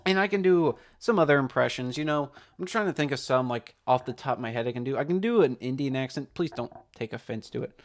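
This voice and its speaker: A young man chatting in a casual vlog monologue. He rambles, hesitates, and leans on fillers as he thinks out loud. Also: medium pitch, lively intonation, fast talker, hardly any pauses. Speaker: amateur impressionist.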